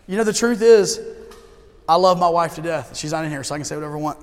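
A male pastor with a notably high voice preaches a sermon, mixing relaxed joking with slow, emphatic points. His voice carries a long reverberant tail from a church hall. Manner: conversational preaching with humor and emphatic slowdowns. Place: church sanctuary.

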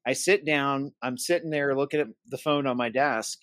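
Male podcast co-host, chatty storyteller who acts out quoted lines, mid-pitched, dry close recording. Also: normal speed, a bit bright, no echo. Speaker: co-host of a church safety podcast. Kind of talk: casual chat.

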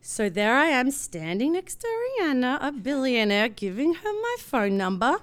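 An Australian woman in her thirties tells a personal story from her work as a producer. Her pitch swings widely as she acts out each voice in the tale. Her voice comes through smooth and clear. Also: very animated, moderate pace.

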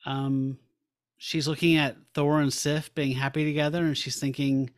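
A man's voice: on the high side, little pitch movement, normal speed, clean tone, dry recording, studio quality. Man retelling a comic, hesitant. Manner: hesitant, filler-heavy retelling. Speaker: podcast co-host. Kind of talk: casual comic book discussion.

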